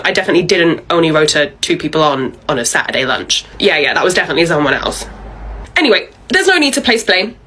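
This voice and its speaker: A woman's voice: fairly low pitch, a bit bright, poor audio. A woman voicing a bossy, pushy female manager who dodges blame and leans on her staff. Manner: pushy, wheedling, dodging blame.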